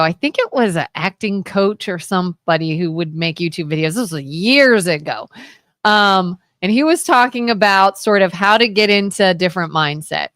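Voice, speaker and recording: A woman co-hosting a local talk radio show, telling rambling, animated stories in casual chat. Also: medium pitch, dry recording, studio quality. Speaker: co-host.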